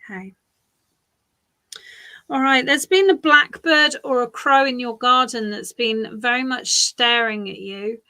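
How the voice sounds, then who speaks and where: Bright-voiced woman giving readings. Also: on the high side, measured pace. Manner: gentle, reassuring, repeats phrases softly. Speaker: psychic reader. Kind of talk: live psychic reading.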